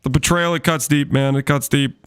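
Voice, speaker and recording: A man's voice: mid-range voice, fairly even intonation, normal speed, fairly bright tone, clean tone, no room sound. A man streaming a game and chatting casually with viewers, teasing them in playful mock outrage. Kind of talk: casual gaming stream chat.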